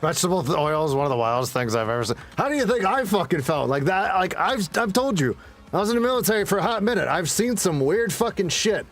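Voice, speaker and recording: A man's voice: sits high, very animated, fast, a bit bright, soft background music. A young man telling blunt, profane stories with frequent laughter while gaming. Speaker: gaming streamer. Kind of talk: casual storytelling while gaming.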